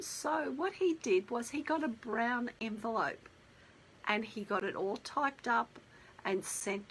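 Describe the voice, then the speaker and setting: A woman's voice: a little high, sharp tone, breathy edge, low-quality recording. A middle-aged Australian woman, a wedding planner telling stories in a chatty, rambling live stream and talking straight to her viewers. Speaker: wedding planner and textile artist. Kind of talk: casual live-stream storytelling.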